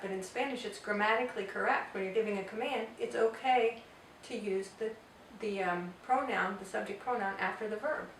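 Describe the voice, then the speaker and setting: A woman teaching a grammar lesson, explaining step by step and repeating example phrases slowly. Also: fairly high pitch, slight background noise. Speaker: Spanish teacher. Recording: echoey room, voice from far off.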